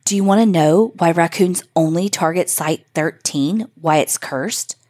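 A woman's voice: on the low side, a little slow, darkish tone. A woman voicing a teasing older sister who spins a spooky legend to frighten her little sister. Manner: teasing, mock-ominous.

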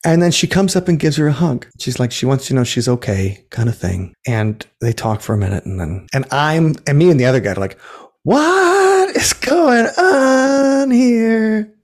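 A man's voice: mid-range voice, expressive, fairly quick, few pauses, a little mellow. A man who runs ghost tours, telling a story in a casual interview, rambling and restarting, acting out what people said. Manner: rambling, self-correcting, acts out quotes. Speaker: ghost tour operator.

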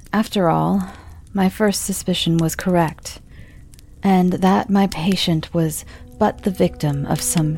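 A woman narrating a classic ghost story in a measured, dark way, dropping into whispers for suspense. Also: fairly low pitch, vocal fry, slightly rough.

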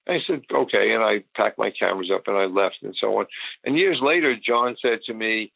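Give me an older man reminiscing in a rambling way, gravelly, over a dry tinny phone line. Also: medium pitch, animated, brisk, no echo. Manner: rambling, with many restarts and fillers. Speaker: photographer guest. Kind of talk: casual interview recollection.

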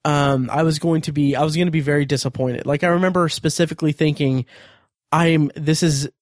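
Higher-pitched man rambling through a review. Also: steady tone, quick pace, no echo, studio quality. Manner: thinking aloud, frequent restarts and "um"s, nitpicky. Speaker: podcast host reviewing a TV episode. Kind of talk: solo podcast review.

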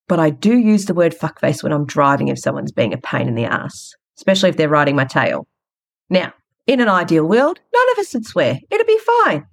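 A woman hosting a podcast, telling a story in a frank, chatty way. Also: fairly low pitch. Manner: frank, chatty, retells conversations. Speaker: podcast host. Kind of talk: casual storytelling monologue.

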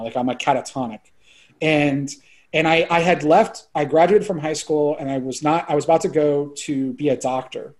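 Excitable rambling man, slightly high voice. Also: a little fast. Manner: excitable, rambling, peppered with "like" and swearing. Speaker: filmmaker guest. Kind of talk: casual podcast conversation.

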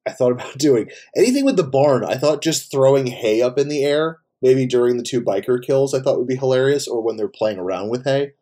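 A man's voice: medium pitch, animated, fairly quick, hardly any pauses, mellow. A man co-hosting a casual horror movie podcast, laughing and swearing casually. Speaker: podcast co-host.

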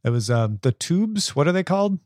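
A man's voice: fairly high pitch, sing-song, fairly quick, darkish tone. A man co-hosting a podcast in casual chat, with a dry, teasing way of talking. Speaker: podcast co-host.

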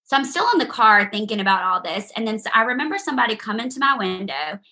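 Young woman, bright voice, somewhat high, earnest testimony, speaks straight to the crowd. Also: animated, quick pace. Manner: earnest, heartfelt storytelling, addresses the audience directly. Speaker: speaker sharing her testimony. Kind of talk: personal testimony to an audience.

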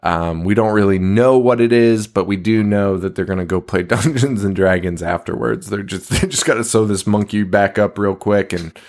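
Lowish-voiced man cursing through a movie recap. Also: moderate pace, hardly any pauses, darkish tone. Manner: profane, laughing, acts out characters' lines. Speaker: podcast co-host. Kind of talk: casual movie recap chat.

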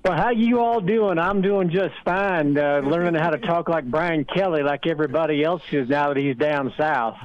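Male radio guest, dry dull lo-fi line, relaxed wry delivery. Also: fairly high pitch, moderate pace, few pauses, dry recording. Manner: relaxed, rambling, dry sarcastic jokes. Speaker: sports radio guest analyst. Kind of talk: casual sports talk radio.

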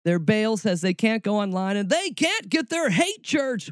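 A man's voice: big pitch swings, measured pace, few pauses, no echo, clean studio sound. Sarcastic man hosting a podcast. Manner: sarcastic, mocking, jumps into high, shrill bursts. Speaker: podcast host. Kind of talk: satirical commentary.

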